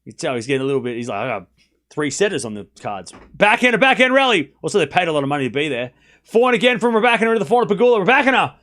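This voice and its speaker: A man hosting a live stream, calling tennis play-by-play in a chatty, excitable way, joking about the crowd and talking to his viewers. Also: high-pitched, very fast. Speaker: stream host.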